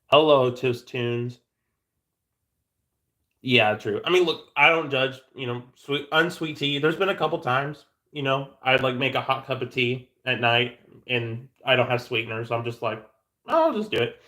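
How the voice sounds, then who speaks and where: A man's voice: medium pitch, fairly even intonation, normal speed, bright, forceful tone. A man hosting a casual livestream, rambling and joking with viewers, often stammering and restarting his sentences. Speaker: livestream host.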